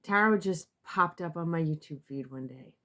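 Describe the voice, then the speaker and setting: A tarot reader, female, talks to camera in a loose, faltering way full of fillers and false starts, emotional and near tears. Her low voice comes across pushed and bright.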